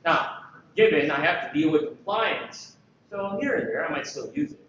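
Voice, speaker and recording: Man from the Philippines, high voice, joking conference speaker, heavy echo, dull sound. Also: moderate pace, slight background noise. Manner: lively, joking, full of rhetorical questions. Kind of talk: energetic conference presentation. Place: large conference hall. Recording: echoey, dull hall recording.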